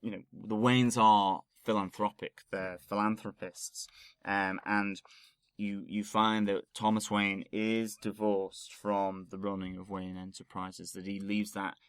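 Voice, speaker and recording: Give me a male podcast co-host with a fairly low voice, rambling through a relaxed film review with a dry, close sound. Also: unhurried, smooth, no room sound. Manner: rambling, restarts phrases, laughs easily. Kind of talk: casual film review chat.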